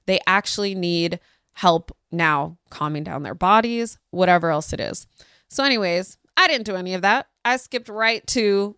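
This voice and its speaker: A woman, a parenting podcast host telling a story casually and acting out quoted voices with sudden pitch jumps. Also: normal speed, a bit bright, clear, resonant tone, no echo, clean studio sound.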